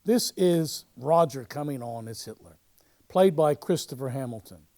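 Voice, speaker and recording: In a mid-range voice, a man who serves as historian for a local theatre society talks over footage from a production. He rambles chattily, hesitating, restarting and leaning on fillers, though anecdotes bring out real liveliness.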